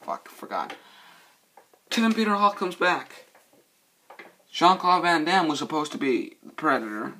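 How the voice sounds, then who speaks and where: A man with a slightly high voice speaks a little slowly in a casual, rambling movie review. He's excitable and profane, cursing a lot and losing his train of thought.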